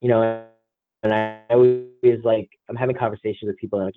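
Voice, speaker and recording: A man's voice: fairly low pitch, level tone, a little fast. A young man from New Jersey with a New Jersey accent, co-hosting a casual podcast chat and rambling through stories with quoted back-and-forth. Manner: rambling, quotes people in mock dialogue. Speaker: podcast co-host. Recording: dry tinny phone-like line.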